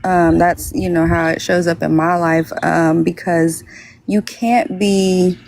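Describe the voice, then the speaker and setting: A woman's voice: fairly low pitch, level tone, takes it slowly, vocal fry, a little mellow. A young woman talking casually on a podcast, hesitant, with many fillers and restarts. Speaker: podcast guest. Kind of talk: casual conversation.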